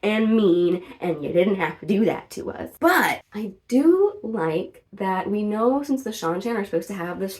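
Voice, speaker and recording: A woman's voice: mid-range voice, a little slow. Chatty woman reviewing a fantasy show. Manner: chatty and animated, frequent "like" fillers; outspoken, swears in mock outrage. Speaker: video reviewer.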